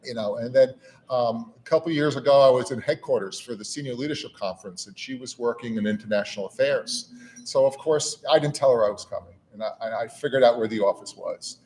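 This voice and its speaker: A middle-aged man speaks to a gathered audience in a relaxed, conversational way. His delivery is folksy, with repeated words and a steady stream of "you know"s. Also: medium pitch, fast, slight background noise. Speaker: national auxiliary leader giving a speech. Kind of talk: informal speech to a gathering. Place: meeting room with an audience.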